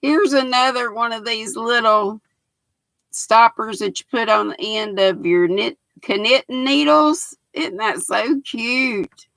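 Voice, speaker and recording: A woman's voice: fairly high pitch, takes it slowly, vocal fry, a bit bright, no echo, low-quality recording. An older woman, hosting a livestream in a folksy, chatty way, reading out comments from her viewers. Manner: folksy, chatty, laughs often. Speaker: livestream host.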